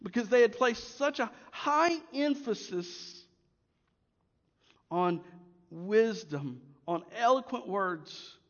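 A man preaching a sermon as pastor, swinging between loud emphasis and hushed asides. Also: high-pitched, expressive, slow pace, big-room sound, muffled recording.

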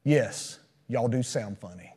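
A man's voice: medium pitch, measured pace, dark tone, husky, pitched below the performer's own voice. A preacher voicing a good-natured Southern salesman from Alabama with a Southern accent, speaking plainly and owning up. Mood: candid.

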